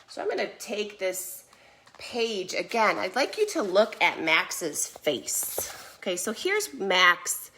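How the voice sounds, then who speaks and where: An animated woman leads a kids' yoga class, her voice swooping high and low as she reads a storybook and coaxes children through poses. She speaks slowly and clearly, bright in pitch and playful in manner. The sound has the echo of a room, heard from a camera set a little way off. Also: recorded from a distance. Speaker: kids yoga teacher. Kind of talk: reading a picture book and guiding kids' yoga. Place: indoor room, filmed while doing poses. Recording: echoey room.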